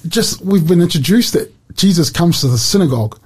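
A man from New leading a Bible study chat on Christian radio, earnest and animated, quoting scripture with emphasis. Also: on the high side, a little fast, breathy edge.

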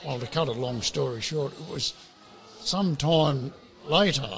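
Gravelly older man. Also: fairly high pitch, unhurried. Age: 70s. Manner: rambling, with repeated words. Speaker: interview guest. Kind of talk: casual storytelling.

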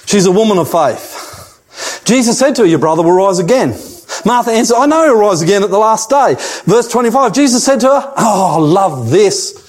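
High-pitched older male preacher. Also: lively intonation, brisk, a little mellow. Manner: emphatic, repeats key phrases. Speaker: pastor. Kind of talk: sermon.

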